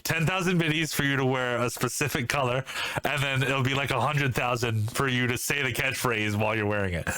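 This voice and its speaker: A man with a bright, forceful voice hosts a casual podcast chat. He talks loosely, laughing often and swearing freely as he riffs with friends. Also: medium pitch, a little fast, dry recording. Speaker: podcast host.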